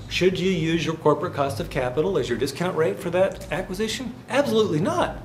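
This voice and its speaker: A man's voice: high voice, a little hiss or hum. A man lecturing a finance class in a chatty way, telling stories and throwing questions at the students. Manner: chatty, tells anecdotes, quizzes the class.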